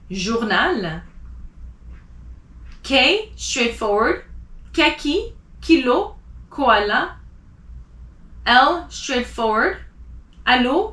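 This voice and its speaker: A woman teaching a language class who spells out letters and repeats example words slowly and deliberately. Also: high voice, a bit bright. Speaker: French teacher. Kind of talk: slow pronunciation lesson. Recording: echoey room.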